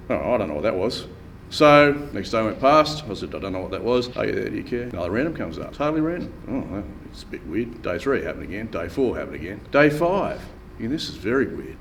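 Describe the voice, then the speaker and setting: A man's voice: fairly low pitch, recorded from a distance, a little hiss or hum. Laconic man telling his story. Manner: laconic, wry, acts out the people he quotes. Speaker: church member giving testimony. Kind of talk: storytelling testimony. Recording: room ambience, voice a bit off-mic.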